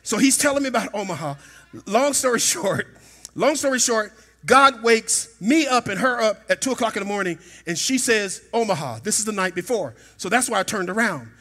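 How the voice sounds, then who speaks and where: A middle-aged man preaching a sermon in a church, telling a personal story and rising to shouts at its peaks. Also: high voice, animated, fairly quick. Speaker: pastor. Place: church sanctuary.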